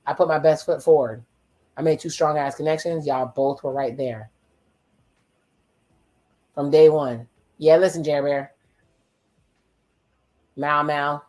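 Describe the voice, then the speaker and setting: A watch-along host giving casual reaction commentary, retelling the dialogue in quick quoted voices with profane, wry asides. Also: mid-range voice.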